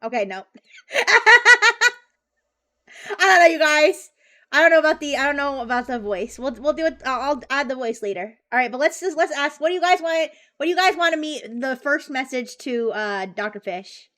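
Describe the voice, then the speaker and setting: High-voiced bubbly woman streamer. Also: expressive, normal speed, sharp tone. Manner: chatty and bubbly, with frequent giggles and restarts. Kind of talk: casual live-stream chat.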